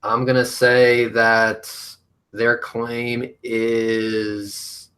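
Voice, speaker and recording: A man in a loose, profane group chat keeps his voice bright and forceful. He curses, bickers and sounds exasperated while arguing about claims. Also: mid-range voice, completely flat delivery, very slow. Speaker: panel participant debunking claims.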